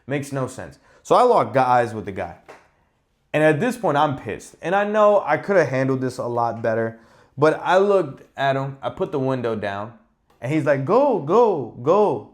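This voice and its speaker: A man with a mid-range voice rants casually on his podcast, animated and exasperated. He swears freely and swings from muttering to loud outbursts. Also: medium pitch, moderate pace. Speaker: podcast host. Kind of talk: casual ranting monologue.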